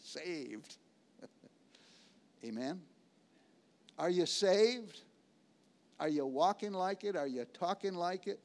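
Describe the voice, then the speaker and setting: Pastor, male, high voice, emphatic repeating sermon delivery. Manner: slows for key words, swings between loud and hushed.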